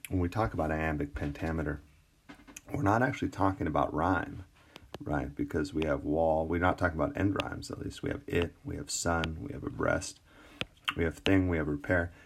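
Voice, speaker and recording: A man teaching an English class in a screencast lecture, relaxed and full of fillers and restarts. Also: rumbling low, moderate pace, slight background noise. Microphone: tablet recording.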